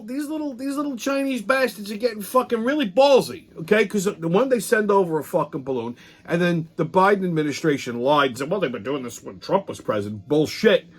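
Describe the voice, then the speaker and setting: A man's voice: sits high, a bit bright. A man hosting a weekly political commentary show, ranting in a profane, heated, sarcastic way, rambling and restarting his sentences.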